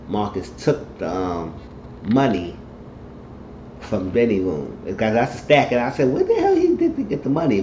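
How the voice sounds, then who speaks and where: A mellow, fairly low-pitched voice belongs to a TV show reviewer rambling through an episode recap. He acts out the characters' dialogue in changing voices. It's recorded in a dull, echoey room with slight background noise.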